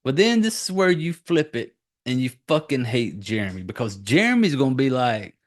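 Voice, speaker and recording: A man's voice: mid-range voice, big pitch swings, normal speed. A man in his forties, a podcast host, giving a rambling, profane casual recap of a movie.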